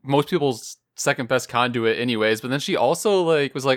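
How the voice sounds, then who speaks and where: A man's voice: medium pitch, fairly even intonation, moderate pace. A man co-hosting a podcast, casually mocking a game character, with many fillers. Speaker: podcast co-host. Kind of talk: casual gaming chat.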